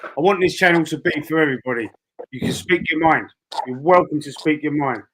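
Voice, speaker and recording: A man hosting a live fan stream, calmly reading out chat and moderating. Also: on the high side, fairly quick, noisy background. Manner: easygoing, reads chat aloud. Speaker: stream host.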